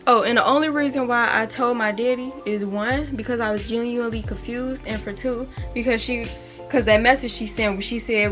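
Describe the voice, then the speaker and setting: A young woman, telling a storytime on her vlog in an animated way, swearing freely and reading text messages aloud. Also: on the high side, fast talker, faint music behind. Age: 20s. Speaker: vlogger. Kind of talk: casual storytime.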